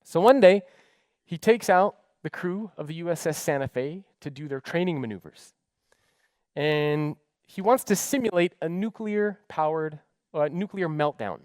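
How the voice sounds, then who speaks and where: A man's voice: fairly high pitch, a little slow, no room sound. A man giving a keynote talk, telling stories with drama and acting out the dialogue. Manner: animated, dramatic storyteller who acts out dialogue. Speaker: keynote speaker.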